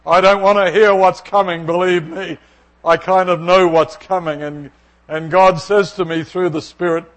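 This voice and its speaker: A man's voice: high voice, steady tone, moderate pace. A middle-aged male pastor preaching, telling a personal story and acting out its dialogue. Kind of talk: sermon with storytelling.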